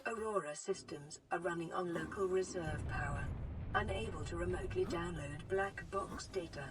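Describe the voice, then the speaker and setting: An actress playing a calm female computer voice that makes even, formal announcements. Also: fairly low pitch, moderate pace, background noise, close to an everyday voice. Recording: distant, under loud game music.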